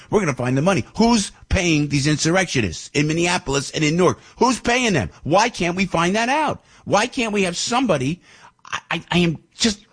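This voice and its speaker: An older man hosting a show and delivering an indignant, fired-up political rant that climbs toward shouting. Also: mid-range voice, slightly rough. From New Jersey. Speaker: radio show host.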